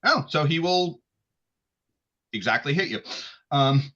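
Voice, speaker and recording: A man running an online tabletop game as game master, giving relaxed, chatty rulings. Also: a little high, measured pace, lo-fi sound.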